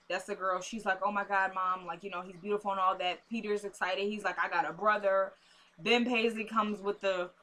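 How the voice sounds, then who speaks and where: Bright-voiced woman recapping a show. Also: fairly high pitch. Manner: animated, recaps scenes acting out lines. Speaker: TV recap host. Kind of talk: casual episode recap.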